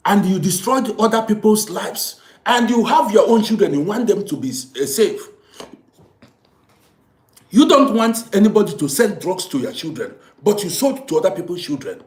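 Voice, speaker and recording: Scolding man, high lively voice. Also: reverberant. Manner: preachy, scolding, repetitive. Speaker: social commentator. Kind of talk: impassioned moral monologue.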